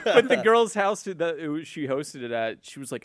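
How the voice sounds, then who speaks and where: A self-mocking man tells a podcast story, cursing freely and speaking in quick bursts. His voice is a little higher than most men's and recorded dry and close. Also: very animated, a bit bright, no room sound. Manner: self-deprecating, profane, rapid bursts. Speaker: podcast co-host. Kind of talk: casual anecdote telling. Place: podcast studio.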